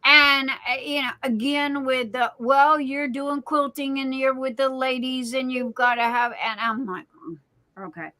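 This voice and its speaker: A woman's voice: sits high, level tone, a little slow, hardly any pauses, bright, forceful tone, rough recording. A middle-aged woman, chatting casually as a guest on a live stream. She tells stories in a rambling way and often repeats and restarts her words. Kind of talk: casual chat.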